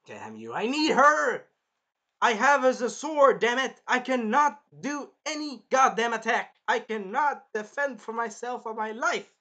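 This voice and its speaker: A man voicing an angry young male hero who bursts out in exasperated shouts. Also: sits high, animated, moderate pace, pitched above the performer's own voice. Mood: furious.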